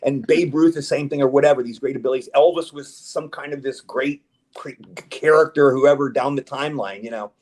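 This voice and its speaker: A man's voice: mid-range voice, fairly quick, darkish tone. A man chatting as a guest in a casual interview, rambling and eager, with stammered restarts. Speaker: guest actor.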